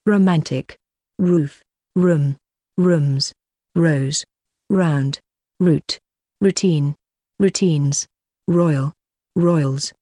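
A woman reads a vocabulary list one word at a time, very slowly. Her voice is low, mellow and a little husky, in a dry, close recording. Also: no echo. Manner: slow, evenly paced, one word at a time.

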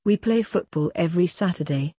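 A woman slowly reading grammar drills for a course book in a measured, clearly enunciated way. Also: on the low side, warm tone, dry recording, studio quality. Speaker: course audio narrator. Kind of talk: scripted textbook audio reading.

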